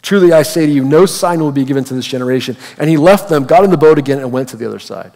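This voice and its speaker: A man preaching a sermon as a pastor, animated and acting out little voices for the people in the story. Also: a little high, racing. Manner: animated, acts out voices of Bible figures. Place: church hall. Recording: long hall reverb.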